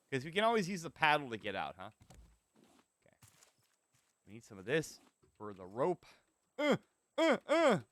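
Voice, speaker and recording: A man streaming a survival game, giving animated, swear-laden commentary and chatting with his viewers. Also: a little high, no room sound. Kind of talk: live gameplay commentary.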